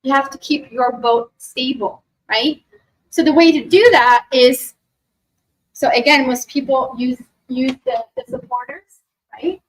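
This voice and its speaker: A high-pitched woman speaking to a live workshop group. She talks in an animated way, acts out what other people say and keeps asking "right?", then slows into a guided meditation. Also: poor audio. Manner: animated, acts out quoted voices, frequent "right?". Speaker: spiritual workshop presenter. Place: expo workshop room.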